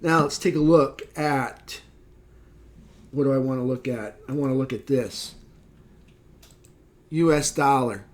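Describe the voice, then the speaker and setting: A slightly hoarse man giving a casual market recap, thinking aloud with fillers and quick self-corrections. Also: medium pitch. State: slightly hoarse, losing his voice. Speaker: market analyst. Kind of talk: screen-share market recap.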